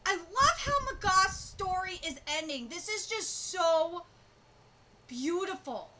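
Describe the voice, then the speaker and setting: A woman giving a live reaction commentary as a streamer, emotional and close to tears, talking in halting bursts with many fillers and restarts. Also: extremely high pitch, lively intonation, pushed and bright, a little hiss or hum, low-quality recording. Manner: emotional, gushing, on the verge of tears.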